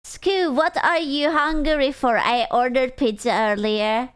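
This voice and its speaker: Her voice is high-pitched yet smooth and steady, delivered a little slowly. The young streamer from Hungary talks casually with viewers in her Hungarian accent, teasing, rambling and swearing freely.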